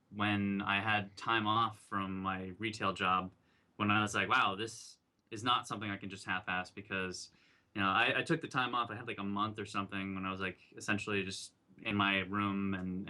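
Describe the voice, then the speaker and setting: Earnest young man, low bright voice. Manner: reflective, earnest, filler-heavy storytelling. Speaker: documentary filmmaker guest. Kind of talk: casual interview.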